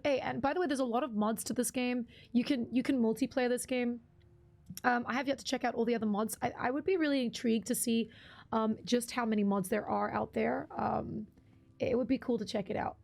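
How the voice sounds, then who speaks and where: A woman streams a game and chats with viewers in a loose, chatty way, dropping plenty of ums. Her voice sits fairly high with a gravelly fry, and game music plays faintly underneath. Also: darkish tone. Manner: chatty, greets chat, many ums. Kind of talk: casual live gameplay commentary.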